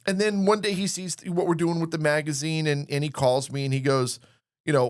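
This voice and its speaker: A man's voice: fairly high pitch, fairly even intonation, a little fast. A man hosting a radio interview, telling a casual story and acting out the quoted dialogue in an emphatic way. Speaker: radio show host.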